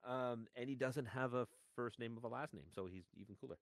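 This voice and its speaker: A man's voice: medium pitch, fairly quick, no room sound. Easygoing laughing man, dry mic. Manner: laughs easily, loose and profane. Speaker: podcast co-host. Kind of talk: casual chat.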